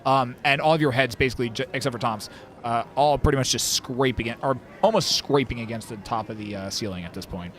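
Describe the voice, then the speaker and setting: A man's voice: medium pitch, fast talker, a bit bright. Rambling man narrating a tabletop game. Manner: rambling, many fillers and restarts. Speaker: dungeon master.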